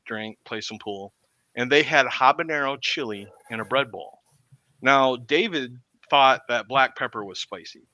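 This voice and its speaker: A man chatting casually on a podcast, telling stories with lively acted-out quotes. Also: medium pitch, no echo. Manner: animated storyteller, acts out quotes. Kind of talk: casual chat.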